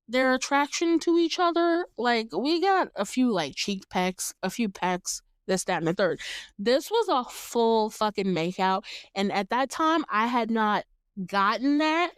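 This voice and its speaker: A woman's voice: a little high, smooth, no echo, studio quality. A woman in her late twenties hosting a podcast, giving a casual and candid recap of a movie, cursing freely and laughing often. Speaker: podcast host.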